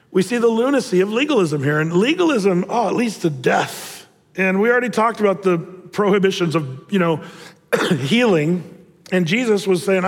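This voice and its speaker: High-voiced pastor preaching in a reverberant hall. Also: male voice. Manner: casual, joking storyteller with many restarts. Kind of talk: sermon. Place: church auditorium.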